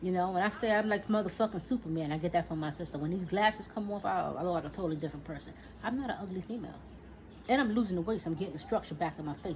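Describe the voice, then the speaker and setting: A woman's voice: on the low side, expressive, rapid-fire, a little mellow. A woman in her forties ranting in a casual monologue, profane and heated, talking back at an imagined listener. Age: 40s. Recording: dull lo-fi recording with faint noise.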